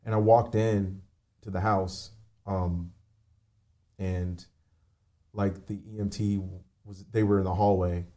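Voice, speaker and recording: Male guest, low mellow voice, halting heartfelt storytelling over a remote call. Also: level tone. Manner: halting, with many fillers and restarts. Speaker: podcast guest. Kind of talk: emotional personal storytelling.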